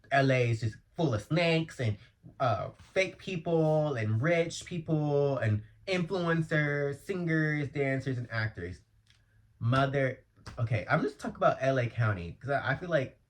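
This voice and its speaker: A man from Los Angeles hosting a casual solo podcast, talking in a chatty, slangy way that bursts into loud, exasperated outbursts. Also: medium pitch. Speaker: podcast host. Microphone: earphone mic.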